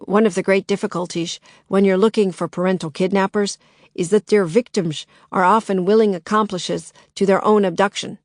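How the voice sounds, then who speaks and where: A woman voicing a thin, saturnine male private detective in a storybook, with a dry, creaky Minnesota accent and a slight lisp, calm and persuasive. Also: mid-range voice, moderate pace, no room sound, close to an everyday voice. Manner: calm, knowing, gently persuasive.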